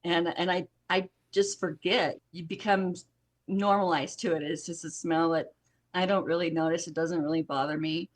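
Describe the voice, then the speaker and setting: A woman's voice: lowish voice, fairly even intonation, normal speed. A middle-aged woman telling stories in a casual podcast conversation as a guest. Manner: storytelling, chatty with laughs. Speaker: guest, jelly company owner.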